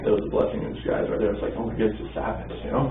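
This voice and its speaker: A man's voice: lowish voice, fast talker, slight background noise. A man in a recorded interview, talking hesitantly with lots of fillers, in an interview room. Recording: tinny, echoey room recording from far off.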